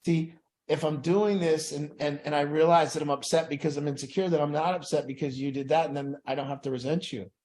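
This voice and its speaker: A man's voice: fairly high pitch, fairly even intonation, fairly quick, darkish tone. A man leading an addiction recovery group in a room, talking earnestly and reflectively, acting out the inner voices he describes.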